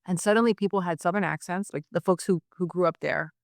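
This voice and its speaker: A middle-aged woman from Miami, a writer telling stories in an interview, chatty and animated with lots of asides. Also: lowish voice, quick pace, creaky, no room sound, studio quality. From Miami, Florida. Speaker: guest writer. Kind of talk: conversational interview.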